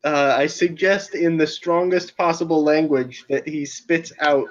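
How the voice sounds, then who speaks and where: A man's voice: on the high side, fairly even intonation, a little slow, few pauses, muffled recording. A man playing a tabletop game online, chatting casually, thinking aloud over the rules and laughing often. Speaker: player. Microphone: voice chat over internet.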